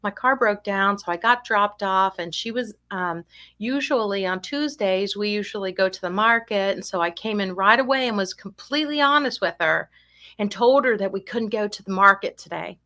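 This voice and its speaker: A woman's voice: medium pitch, expressive, normal speed, sharp tone. A woman giving an online talk to family caregivers, telling stories in a chatty way and checking in with rhetorical questions. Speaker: dementia care educator.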